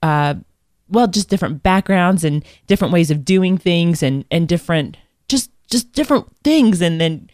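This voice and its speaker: A woman's voice: fairly low pitch, animated, moderate pace, darkish tone, no room sound, clean studio sound. A woman with a Kentucky accent co-hosting a podcast, chatting in a rambling, self-deprecating way, still a bit under the weather. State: not fully well. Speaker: podcast co-host. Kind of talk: casual chat.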